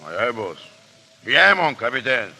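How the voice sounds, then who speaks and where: An actor playing a loyal pirate mate who speaks clipped, broken English in a 1930s radio play. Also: male voice, mid-range voice, very animated, normal speed, pushed and bright, faint music behind, exaggerated voice. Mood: obedient.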